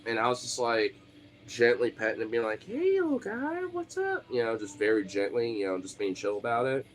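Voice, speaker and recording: A man's voice: on the low side, little pitch movement, fairly quick. A young man telling a personal story in a casual, rambling way, swearing freely and swinging from laid-back to exasperated.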